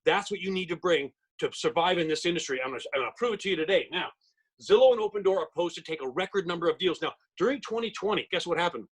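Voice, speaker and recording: A man's voice: lively intonation, breathy edge, low-quality recording. A middle-aged man, a real estate trainer, giving an emphatic, salesy webinar presentation over a video call. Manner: fast-talking, emphatic salesman pitch.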